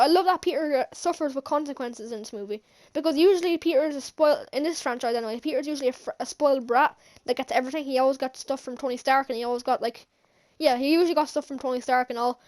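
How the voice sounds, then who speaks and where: A woman giving an excited, rambling movie recap as a vlogger, gushing, with lots of fillers and restarts. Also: high voice.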